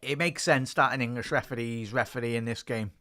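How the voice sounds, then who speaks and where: Smooth-voiced man doing casual football commentary. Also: mid-range voice, fairly quick, bright, forceful tone, no echo, clean studio sound. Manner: chatty, talks to his chat between bursts of play-by-play; rises and speeds up on attacking moves. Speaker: live stream football commentator. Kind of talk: casual live match commentary.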